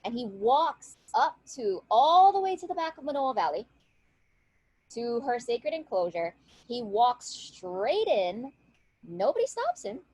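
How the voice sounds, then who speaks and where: A woman's voice: on the high side, measured pace, breathy edge, no echo, poor audio. Chatty woman retelling a legend. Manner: lively, conversational, checks in with "right?". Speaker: storyteller and guest speaker. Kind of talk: casual oral retelling of a legend.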